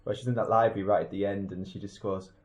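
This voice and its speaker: A man's voice: lowish voice, fairly even intonation, fast talker, a little mellow, muffled recording. A man co-hosting a casual podcast, picking apart a film in an analytical, rambling way with many restarts. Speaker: podcast co-host. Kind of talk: casual film review chat.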